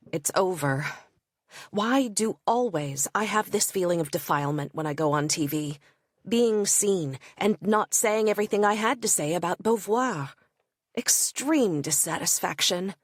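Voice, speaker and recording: A woman narrating a first-person diary in a measured, introspective audiobook reading. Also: no echo, clean studio sound. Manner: measured, introspective reading with soft low asides.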